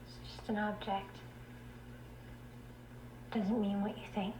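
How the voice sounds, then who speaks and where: A woman's voice: medium pitch, flat delivery, slow pace, background noise, lightly acted. An actress playing a young woman crew member who speaks in a detached, cryptic way, in a clip from a TV drama. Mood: dreamy. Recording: echoey clip under music.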